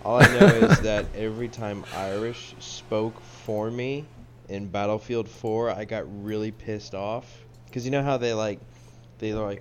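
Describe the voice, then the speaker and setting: Male guest, lowish voice, profane rant, faint background noise. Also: unhurried. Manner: ranting, profane. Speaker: podcast guest. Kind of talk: casual chat.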